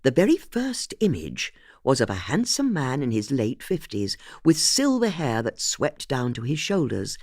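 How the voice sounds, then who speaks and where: An audiobook narrator reading a mystery novel in an expressive, scripted way. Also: medium pitch, measured pace, dry recording, clean studio sound.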